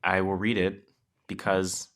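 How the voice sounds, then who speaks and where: A man's voice: low-pitched, flat delivery, a little slow, a bit bright. A man co-hosting a podcast, reading news items aloud and adding casual, slangy commentary. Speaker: podcast co-host. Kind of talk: casual chat.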